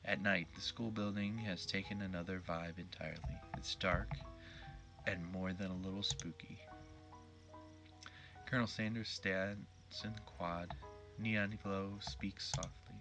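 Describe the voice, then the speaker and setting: A man's voice: low-pitched, fairly even intonation, measured pace, creaky, music in the background. A man streaming a game live, reading its text aloud in a joking, playful way.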